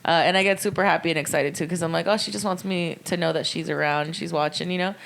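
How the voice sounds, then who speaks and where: A woman's voice: lowish voice, fairly even intonation, fast, gravelly, a bit bright. A woman co-hosting a podcast, telling stories in casual chat with loose swearing. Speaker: podcast co-host.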